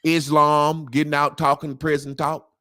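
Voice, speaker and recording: A man's voice: fairly high pitch, flat delivery, unhurried, sharp tone. A man as an interview guest, talking in a casual, emphatic way with slang and repetition.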